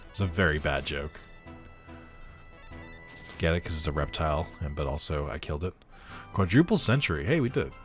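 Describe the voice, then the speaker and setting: A man's voice: rumbling low, lively intonation, brisk, pauses often, fairly bright tone, soft background music. A man casually commenting on a video game as he plays, rambling, swearing and laughing at his own jokes. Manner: reads game dialogue aloud in put-on voices. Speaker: gameplay commentator. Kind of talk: casual let's-play commentary.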